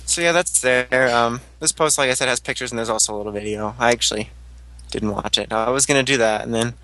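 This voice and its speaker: A man's voice: medium pitch, quick pace, no echo, rough recording. A man co-hosting a podcast, joking around in casual chat. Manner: joking, animated. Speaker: podcast co-host.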